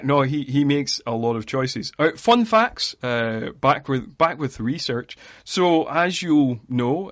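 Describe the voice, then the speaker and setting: A man's voice: medium pitch, a bit bright, no echo. Chatty man on a dull, dry podcast mic. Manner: chatty, shares research facts. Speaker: podcast co-host. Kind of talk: casual film discussion.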